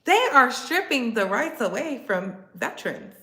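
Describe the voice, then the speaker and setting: A woman's voice: a little high, very animated, takes it slowly, bright, forceful tone, echoey room. A woman vlogger giving mocking, sarcastic political commentary, repeating lines for emphasis and laughing between them.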